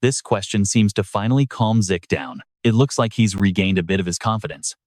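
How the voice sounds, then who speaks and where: A man's voice: on the low side, brisk, a little mellow, dry recording, clean studio sound. A man narrating a story recap in a dramatic, scripted storytelling manner. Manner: dramatic storytelling with brief voiced quotes.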